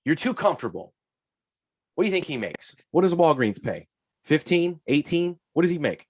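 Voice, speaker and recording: A man co-hosting a podcast, telling stories in casual chat with lots of swearing and lively retellings. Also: on the high side, brisk, no room sound. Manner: profane, animated storyteller. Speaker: podcast co-host.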